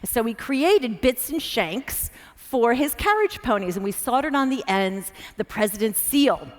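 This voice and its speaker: An American woman with a fairly high voice tells animated anecdotes from a stage, full of fillers. Her words ring out with a long reverb in a large hall. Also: measured pace. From United States. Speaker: former diplomat, speaker. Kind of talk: anecdotal storytelling talk.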